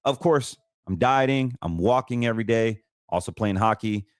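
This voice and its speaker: A middle-aged host from North Carolina with a Southern American accent gives a casual monologue, bluntly ranting about his critics. He has a mid-range voice at a moderate pace, in a dry, clean studio recording.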